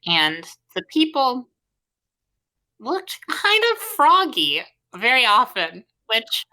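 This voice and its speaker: Giggly bright-voiced woman podcaster. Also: fairly high pitch, big pitch swings, slow. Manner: giggly, playful. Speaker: podcast co-host. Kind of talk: casual chat.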